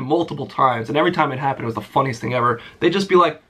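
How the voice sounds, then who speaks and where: A man's voice: mid-range voice, fast talker, few pauses, fairly bright tone, husky. A young man telling a work story as a casual, profane and sarcastic rant. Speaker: vlogger.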